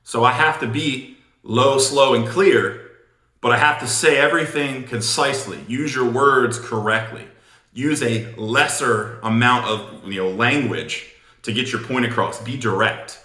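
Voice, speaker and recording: A man's voice: medium pitch, normal speed, bright, forceful tone. A man giving blunt, punchy advice as a sales coach in an instructional video. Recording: roomy echo.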